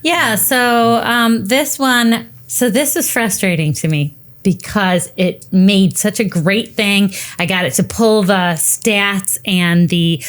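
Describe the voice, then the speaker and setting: A woman's voice: mid-range voice, slow pace, hardly any pauses. A woman guest in a casual podcast chat, speaking candidly and straightforwardly.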